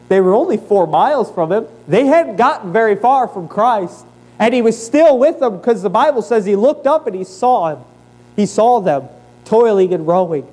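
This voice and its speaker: A young man preaching a church sermon, starting low and earnest and building to loud, rising exhortation. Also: rough recording. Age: young adult. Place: church sanctuary.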